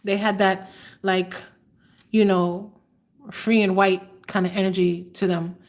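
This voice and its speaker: Woman in her 50s, mid-pitched, very unhurried live-stream host, halting and tender. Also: flat delivery. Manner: slow, halting, emotional, many fillers. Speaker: tarot reader hosting a livestream. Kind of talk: live-stream chat answering viewers.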